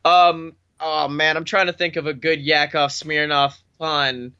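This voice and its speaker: High, bright-voiced joking man. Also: level tone, clean tone, dull audio. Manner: jokey, laughs often, riffs quickly. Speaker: podcast co-host. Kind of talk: casual comedic chat.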